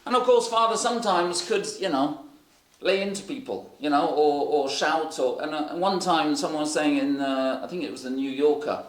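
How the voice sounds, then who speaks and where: A man's voice: a little high, moderate pace. A man preaching, telling rambling anecdotes full of fillers. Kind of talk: sermon storytelling. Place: church hall. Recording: echoey hall.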